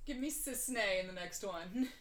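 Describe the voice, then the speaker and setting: A woman's voice: mid-range voice, lively intonation, a little slow, echoey room. A woman chatting casually about a video game, a little hesitant at times.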